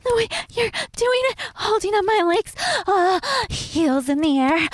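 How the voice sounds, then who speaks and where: A woman voicing a submissive, flustered young housewife in an adult audio role-play, breathy and pleading. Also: extremely high pitch.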